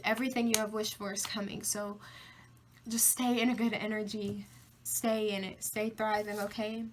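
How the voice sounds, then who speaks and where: A woman's voice: mid-range voice, level tone, normal speed. A woman giving a pick-a-card tarot reading, talking in an ordinary mid-range voice. She hammers home short repeated affirmations with emphatic energy and swears casually. A faint noise sits under the recording. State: tearful, emotional. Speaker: tarot reader.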